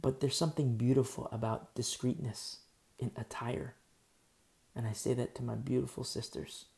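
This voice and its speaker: Male preacher, gravelly fry, repeats phrases, asks rhetorical questions. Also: medium pitch, little pitch movement, moderate pace, warm tone. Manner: teaching verse by verse, repeating key phrases for emphasis. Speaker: pastor. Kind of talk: sermon.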